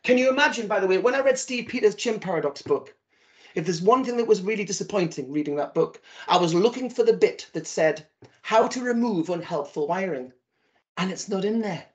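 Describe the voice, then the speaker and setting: Male keynote speaker, animated comic storyteller with a lively voice, on a video call. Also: high voice, brisk, muffled recording. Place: virtual event.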